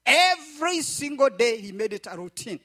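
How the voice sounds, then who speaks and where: Preaching in a very high-pitched voice at a moderate pace, a man tells the congregation a story in his sermon. He keeps repeating phrases to draw them into call-and-response, his delivery rising and falling in a lively way.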